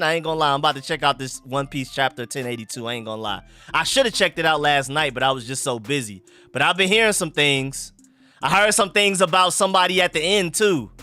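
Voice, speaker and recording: Young guy, laid-back slangy stream chat that gets hyped, smooth clear voice. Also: mid-range voice. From Atlanta, USA. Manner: relaxed, slangy, bursts of hype calling out picks. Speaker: live streamer host. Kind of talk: casual live-stream chat reading comments.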